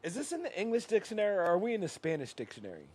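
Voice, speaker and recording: A man co-hosting a casual podcast who talks loud and swears freely. He acts mock-outraged and stumbles over hard words, and his voice sits a bit high for a man. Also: wildly swooping pitch, rapid-fire, no room sound. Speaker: podcast co-host.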